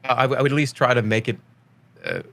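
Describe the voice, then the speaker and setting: This man talks fast with vocal fry and a fairly bright tone. He's a Boston native in his thirties with a light local accent, appearing as a rambling, jokey guest in a casual interview chat who slips into high put-on voices when quoting people.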